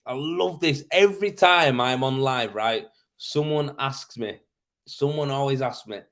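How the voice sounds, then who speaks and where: A man's voice: a little high, normal speed. A man, hosting a casual live stream and giving blunt, matter-of-fact advice full of slang, laughing easily. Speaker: host. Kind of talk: casual live-stream chat answering comments.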